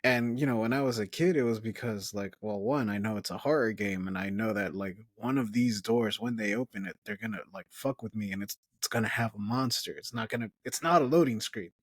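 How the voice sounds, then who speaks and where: A podcast co-host talking casually, laid back and laughing often, with plenty of swearing. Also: male voice, on the low side, brisk, few pauses, no room sound, studio quality. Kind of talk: casual chat.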